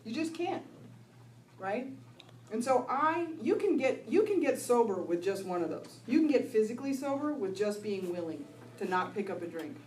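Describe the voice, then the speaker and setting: This middle-aged woman shares her personal recovery story with a crowd, punctuating it with laughter and frequent "right?" questions. She sounds a little high and a bit mellow, very animated, at a moderate pace. There's slight background noise, echo in the room, and distance from the microphone.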